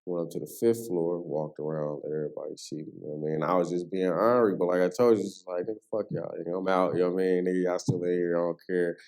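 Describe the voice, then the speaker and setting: A man telling a personal story in casual street slang, full of "you know what I'm saying" and animated as he relives what happened. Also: deep voice, fast, hardly any pauses. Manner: animated, voice rises sharply when reliving the moment. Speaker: podcast guest.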